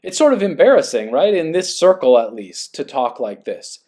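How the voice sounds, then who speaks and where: Earnest musing man, fairly high voice. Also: sing-song, normal speed, dark tone. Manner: earnest, musing, checks in with listener. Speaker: podcast host. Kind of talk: reading aloud and reflective monologue.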